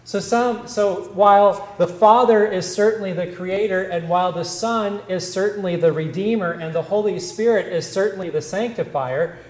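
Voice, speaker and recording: A male Lutheran pastor preaching a sermon, explaining scripture in a measured, deliberate teaching manner. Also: high-pitched, reverberant, low-quality recording.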